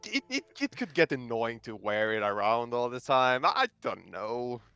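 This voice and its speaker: Bright-sounding guy at the table, joking around, voice jumps up and down. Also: medium pitch, moderate pace, clear, resonant tone. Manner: joking, animated banter. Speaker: player. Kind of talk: casual tabletop play.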